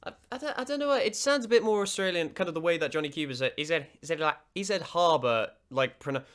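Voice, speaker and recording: A man's voice: fairly high pitch, rapid-fire, a bit bright. A man hosting a reaction video, giving casual commentary that rambles, stammers and restarts.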